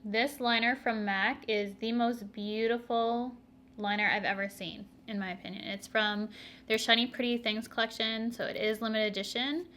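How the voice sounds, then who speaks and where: A woman's voice: on the high side, steady tone, moderate pace, bright, forceful tone, slight background noise. A young woman, chatting to viewers through a makeup tutorial, laughing often and making asides. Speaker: beauty vlogger.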